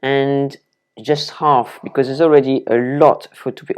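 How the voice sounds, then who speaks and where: A woman's voice: extremely low pitch, steady tone, unhurried, a little mellow, smooth. A woman with a French accent, hosting a casual cooking demonstration in her home kitchen and chatting enthusiastically to the viewer as she chops vegetables. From France. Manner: chatty and enthusiastic, talks to the viewer while chopping. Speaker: cooking video host.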